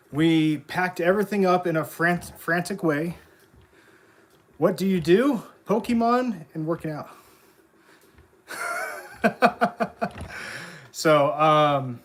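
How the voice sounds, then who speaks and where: A man's voice: fairly high pitch, a bit bright. Slightly winded young man streaming casually. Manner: talks while pedaling an exercise bike, a bit winded; upbeat hype when greeting chat. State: slightly out of breath. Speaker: livestream host. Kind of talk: casual livestream chat.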